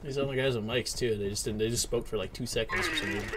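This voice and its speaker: A young man on voice chat during a shooter game, loudly trash-talking and taunting opponents. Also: mid-range voice, racing, heavy background noise. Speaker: gamer on voice chat. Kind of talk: casual gaming chat.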